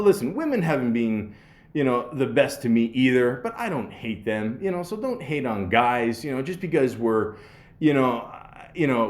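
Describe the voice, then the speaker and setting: A man hosting a podcast, telling a story casually with laughs, swearing and many restarts. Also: mid-range voice. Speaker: podcast host.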